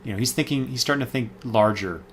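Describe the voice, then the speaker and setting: A man talks through a casual comic book review at a middle pitch, stopping often to correct himself. He fills his pauses with ums and uhs. A faint background noise sits under his voice. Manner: rambling, many fillers and self-corrections.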